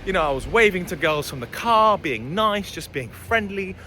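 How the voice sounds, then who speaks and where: Brief: blunt young male vlogger, lively swooping delivery, slightly high voice, faint street traffic behind. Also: normal speed. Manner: blunt, opinionated, swears. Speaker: dating and life coach. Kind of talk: casual vlog monologue.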